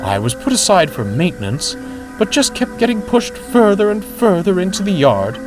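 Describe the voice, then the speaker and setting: A man's voice: high-pitched, sing-song, normal speed, over music, voice pushed up. A man voicing a forgotten old female passenger coach, with a wailing, sighing, fussy manner. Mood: mournful.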